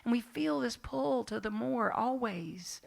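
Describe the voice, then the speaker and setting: Animated Southern woman minister. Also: fairly high pitch, a little slow, gravelly. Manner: animated, chatty storytelling with asides to the congregation. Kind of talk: sermon with personal stories. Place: church sanctuary.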